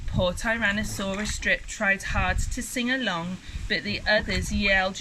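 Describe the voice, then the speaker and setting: A young woman, a swimming teacher, reading a rhyming picture book aloud at a pool in a lively, rhythmic way. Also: medium pitch, unhurried, few pauses, noisy background. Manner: lively, rhythmic, sing-song storytelling.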